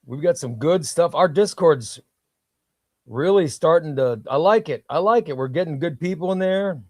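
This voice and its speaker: A man's voice: fairly high pitch, lively intonation, normal speed, no room sound, clean studio sound. A man hosting a casual comics livestream, reading viewer comments in an enthusiastic, rambling way.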